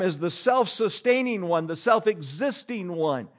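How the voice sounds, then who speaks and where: Male pastor in church, sermon delivery, wide-ranging animated pitch. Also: unhurried. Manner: animated preaching with rhetorical questions and repetition.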